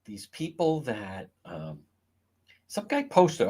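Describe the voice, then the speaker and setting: Guy ranting on a livestream, swears a lot, voice swings all over, slow talker. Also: medium pitch, slightly rough. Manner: animated, profane, ranting. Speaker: livestream host. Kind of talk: casual livestream commentary.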